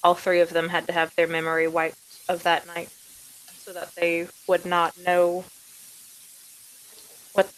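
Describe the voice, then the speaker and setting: A woman runs a tabletop game as game master, narrating in a lowish voice. She talks slowly and haltingly, stopping often on fillers as she works out what to say. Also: completely flat delivery, poor audio. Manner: slow, halting, with many fillers.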